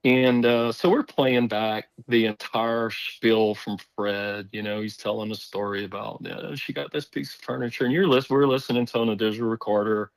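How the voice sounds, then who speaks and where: A man's voice: fairly low pitch, moderate pace, vocal fry, hardly any pauses, no room sound, poor audio. Man rambling through a story, dry sound. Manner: rambling, animated, acts out quoted voices. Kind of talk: casual storytelling.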